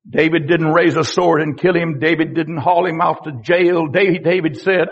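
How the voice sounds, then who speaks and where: High-voiced impassioned preacher man. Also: steady tone, moderate pace, gravelly, slightly rough. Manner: impassioned, swinging between loud and hushed, rhetorical questions. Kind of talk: sermon.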